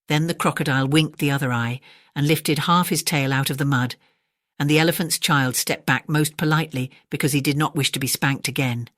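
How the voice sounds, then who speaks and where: A woman reading a bedtime story aloud in a calm, measured way, turning to the listener now and then. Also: sits low, no room sound, studio quality.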